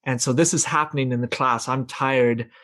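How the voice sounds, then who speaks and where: A man's voice: mid-range voice, fairly even intonation, normal speed, fairly bright tone. A young man telling a reflective personal story in a group conversation, hesitant and full of restarts. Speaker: participant sharing a story. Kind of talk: casual storytelling in a group call.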